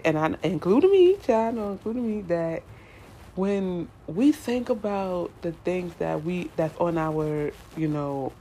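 A young adult woman with a slightly low voice gives a casual tarot reading. She is chatty and animated, repeats herself, and talks straight to her viewers as y'all. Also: slight background noise. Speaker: tarot reader.

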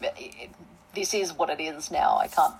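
Woman, mixed Australian accent, low gravelly voice, husky, hesitant, casual guest. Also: normal speed, rough recording. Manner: hesitant, repeats words. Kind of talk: casual chat.

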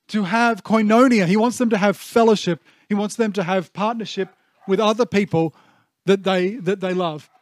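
A man, giving a heartfelt, earnest sermon, often pausing with fillers and restarting his phrases. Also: high voice, dry recording. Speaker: pastor.

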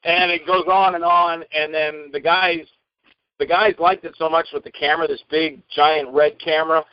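A man telling anecdotes from film shoots in an interview, acting out the people he quotes with lively, changing voices. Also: fairly high pitch, normal speed, smooth, no room sound, highs cut off. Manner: animated, acts out quoted lines in varied voices. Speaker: actor and interview guest.

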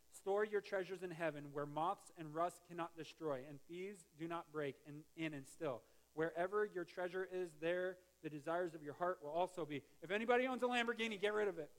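A male pastor giving a conversational sermon, with joking asides and restarts. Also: high voice. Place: church sanctuary.

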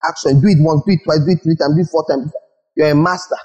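A man's voice: a little high, steady tone, quick pace, a little mellow, highs cut off. A man from Nigeria preaching a sermon as pastor, acting out little scenes and repeating words for emphasis.

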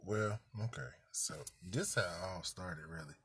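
A man's voice: low-pitched, animated, normal speed, a bit bright, breathy edge. A man hosting a casual podcast from a parked car, telling stories in a laid-back, slangy way. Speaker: podcast host. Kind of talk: casual chat.

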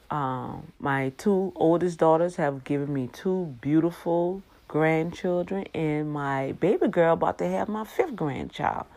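A woman in her fifties with an animated, exclamatory, preachy manner, talking casually about her faith to her viewers. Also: low voice, creaky. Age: 50s. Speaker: faith vlogger.

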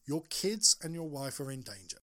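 A man's voice: fairly high pitch, big pitch swings, moderate pace, pushed and bright. A man co-hosting a podcast, talking bluntly and emphatically in casual chat, swearing often. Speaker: podcast co-host.

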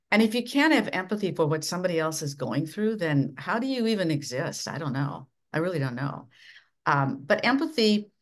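Low-voiced woman coaching with emphasis. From Minnesota. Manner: measured, instructive, dramatic swings of pitch and volume. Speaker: interview guest, leadership coach. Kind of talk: podcast interview.

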